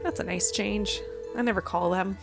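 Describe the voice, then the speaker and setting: A woman's voice: medium pitch, moderate pace, gravelly, music in the background. A woman giving casual, chatty commentary over a game playthrough, pointing out details and laughing often. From Canada.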